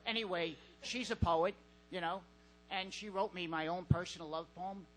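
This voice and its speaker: Stand-up comic, male, high and bright, deadpan with halting fillers, on a club stage. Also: rough recording. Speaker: stand-up comedian. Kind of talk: stand-up set.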